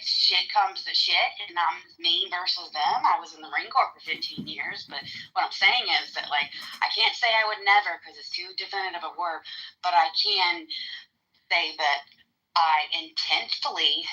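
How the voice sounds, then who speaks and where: Deep-voiced woman psychologist, rambling, muffled voice-chat line. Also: sharp tone. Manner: hedging, rambling, thinks aloud. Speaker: evolutionary psychologist. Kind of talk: casual discussion in an online voice room.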